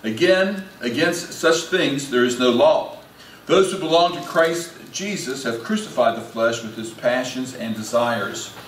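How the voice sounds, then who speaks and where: A man's voice: medium pitch, animated, measured pace. A male pastor preaching a sermon and leading prayer in a folksy, conversational way with many restarts. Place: church sanctuary. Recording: echoey church, distant, faint hiss.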